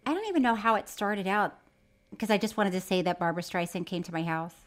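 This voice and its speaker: A middle-aged woman from Florida co-hosting a comedy podcast, chatty, quick to laugh, and eager to tell her stories. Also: mid-range voice, animated. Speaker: podcast co-host. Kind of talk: casual comedic chat.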